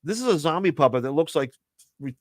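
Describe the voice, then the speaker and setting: A man's voice: a little high, quick pace, no echo. A middle-aged man with a Philadelphia accent, a comedian telling stories in casual podcast chat, laughing often and stumbling over restarts. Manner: animated storyteller, laughs often, stammers restarts. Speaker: comedian guest.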